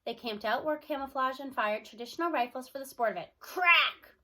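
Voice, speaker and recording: A woman reading a children's book aloud in a bright, high voice. Her storytelling is expressive and steady, chapter by chapter. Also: quick pace. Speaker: reader.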